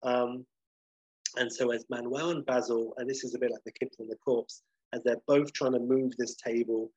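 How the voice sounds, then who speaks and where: Husky guy rambling through a show recap, dry dull lo-fi sound. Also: medium pitch, a little mellow, no echo. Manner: rambling, many fillers. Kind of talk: casual episode recap.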